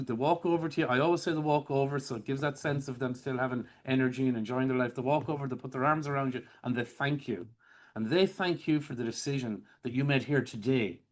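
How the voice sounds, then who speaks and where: Calm man teaching a therapy method. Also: medium pitch. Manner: calm, explanatory, walks through techniques step by step. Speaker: hypnotherapy trainer. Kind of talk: teaching a masterclass.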